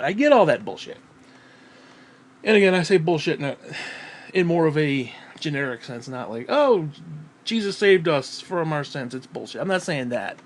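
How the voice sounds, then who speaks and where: A man ranting casually at home, profane and rambling, often clearing his throat and short of breath. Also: on the high side. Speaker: vlogger.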